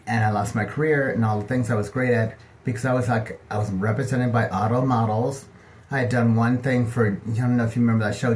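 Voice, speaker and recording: Chatty man gossiping from his bathtub. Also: mid-range voice. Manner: chatty, gossipy, animated, acting out other people's lines. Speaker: vlogger telling personal stories. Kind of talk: casual storytelling monologue. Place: home bathtub.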